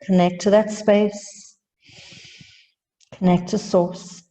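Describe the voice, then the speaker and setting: A woman teaching a yoga class, giving calm cues with light humor and sounding a little out of breath. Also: mid-range voice, takes it slowly, in a large hall. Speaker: yoga instructor.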